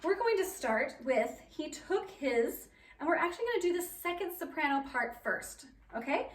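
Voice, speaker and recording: Her voice sits high and animated as she leads the children's choir at a moderate pace, cheerfully counting them in and encouraging them. A keyboard sounds in the echoey room, the mic is far off, and there's slight background noise.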